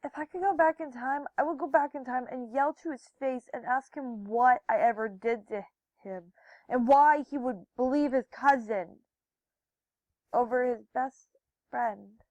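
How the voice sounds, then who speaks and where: A young woman telling a personal story to camera in a notably high voice. She acts out the quoted people with loud, high bursts and drops soft and low when she turns wistful. The sound is dry and close. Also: measured pace, no echo, rough recording. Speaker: vlogger.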